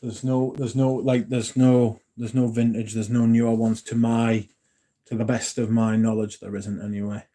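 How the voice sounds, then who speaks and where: A man's voice: medium pitch, level tone, moderate pace, mellow. An English man hosting a casual livestream, rambling and correcting himself, swearing and joking as he answers chat. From England. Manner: rambling, self-correcting, jokey and profane. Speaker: livestream host.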